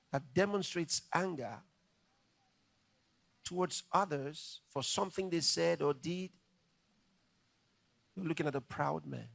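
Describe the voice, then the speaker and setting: A male pastor preaching a sermon with animated, dramatic storytelling. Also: on the high side, gravelly, no echo.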